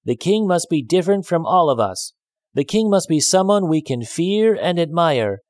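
A man's voice: a little high, big pitch swings, normal speed, a little mellow, no room sound, clean studio sound, voice pushed up. A man voicing a bunch of fussy, discontented little frogs in a storybook reading, with a whiny, pleading manner. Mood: insistent.

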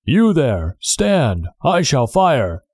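A man voicing a gruff, suspicious coach guard who shouts warnings in a storybook reading. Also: medium pitch, expressive, a little slow, no room sound, lightly acted.

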